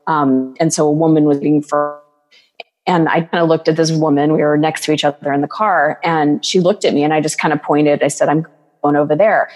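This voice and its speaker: Earnest woman coach, low voice with reverb. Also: fairly even intonation, brisk, darkish tone, faint music behind. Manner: earnest, flowing, acts out quoted voices. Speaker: podcast guest, coach. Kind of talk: casual interview talk.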